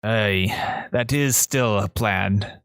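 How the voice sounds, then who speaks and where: A man's voice: lowish voice, slow pace, a bit bright, clean tone, no room sound. A man chatting playfully as a player at a tabletop game. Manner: laughing, playful. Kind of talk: casual chat.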